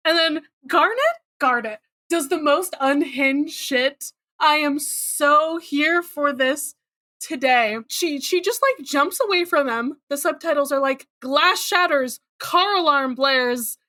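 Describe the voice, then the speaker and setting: A woman's voice: high voice, slow pace, pushed and bright, no room sound, clean studio sound. A woman co-hosting a podcast, recapping a cartoon episode in casual chat with a wry, blunt manner and casual swearing. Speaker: podcast co-host.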